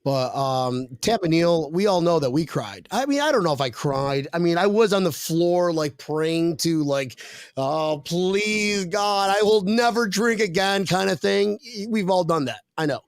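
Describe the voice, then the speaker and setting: A man's voice: on the high side, lively intonation, normal speed, few pauses, dry recording. Jokey man hosting a podcast, dry sound. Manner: jokey, rambling, reads viewer comments aloud. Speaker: podcast host. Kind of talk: casual chat.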